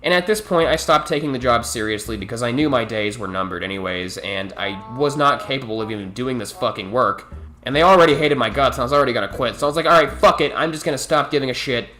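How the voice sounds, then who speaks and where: A man's voice: medium pitch, animated, quick pace, sharp tone, faint music behind. A man telling a personal story in a profane, rambling storytime monologue. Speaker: storytelling vlogger.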